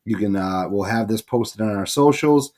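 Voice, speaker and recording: A man hosting a sports podcast and running through contest details, steady with frequent filler sounds. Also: on the low side, moderate pace.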